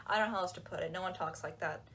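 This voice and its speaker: A woman talking in a casual, animated and sarcastic way, with lots of "like"s, while she folds laundry. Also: lowish voice, rapid-fire, a little hiss or hum. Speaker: book reviewer. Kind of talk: casual chat.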